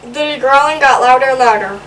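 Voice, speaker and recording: A woman's voice: sits high, fairly quick, raised voice, far from the mic, heavy background noise. A woman reading a children's picture book aloud in a playful way, adding little comments between pages.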